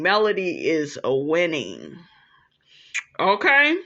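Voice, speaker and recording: Brief: blunt, profane woman commentator, slow, bright delivery, dull lo-fi recording. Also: on the high side, expressive. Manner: blunt, profane, keeps asking "okay?". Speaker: reality TV commentator. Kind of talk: casual commentary.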